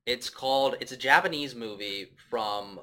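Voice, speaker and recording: Male podcast host, casual and profane, animated storyteller. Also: medium pitch, moderate pace.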